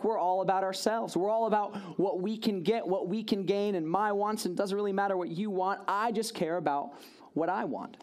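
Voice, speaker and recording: A man's voice: sits high, darkish tone. A man giving a storytelling sermon to a congregation, casual and chatty, with lots of "like" and "right?" asides to his listeners.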